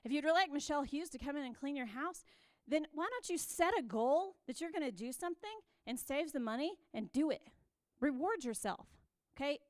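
Woman, church speaker; high voice, dry close sound, earnest and exhorting, repeats lines for emphasis. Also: lively intonation, brisk, dry recording. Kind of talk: sermon-style teaching.

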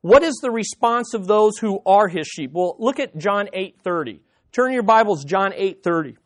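Animated man preaching a sermon. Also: sits high, moderate pace. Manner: animated preaching with playful impressions and frequent restarts. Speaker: pastor. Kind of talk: expository sermon.

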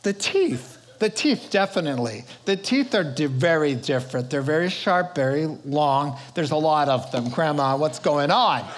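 A man voicing a gullible, wide-eyed little girl in a storybook retelling during a sermon, with a high, breathless, naive delivery. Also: expressive, moderate pace, few pauses, natural voice. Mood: worried.

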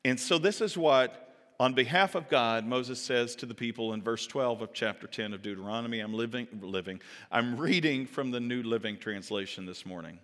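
Animated pastor preaching in an echoing hall. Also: male voice, mid-range voice, normal speed. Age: adult parent. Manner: animated storytelling that acts out quoted voices; casual, chatty asides to the audience. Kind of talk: sermon. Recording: reverberant hall.

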